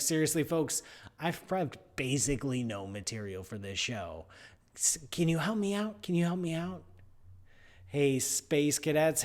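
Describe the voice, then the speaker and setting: A man hosting a live science radio show from a studio, playful and animated with jokey asides. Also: fairly high pitch.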